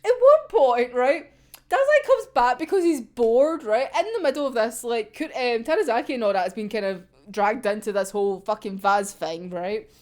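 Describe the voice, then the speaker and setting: A woman's voice: fairly high pitch, animated, normal speed, darkish tone. A young woman chatting casually about manga, rambling, swearing freely and giggling often. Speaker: manga reviewer. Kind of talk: casual chat.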